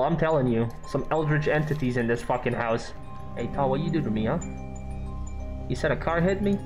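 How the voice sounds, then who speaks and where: A man giving casual, joking gameplay commentary, swearing and reacting loudly while he plays. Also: a little high. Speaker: gaming YouTuber. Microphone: scuffed mic. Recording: game music behind.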